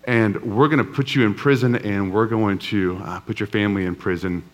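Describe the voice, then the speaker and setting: A man's voice: on the low side, sing-song, slow pace, heavily acted. A man voicing a servant in a parable who begs for mercy and then viciously demands money from another. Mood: menacing. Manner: pleading, then menacing. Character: desperate debtor turned vicious servant.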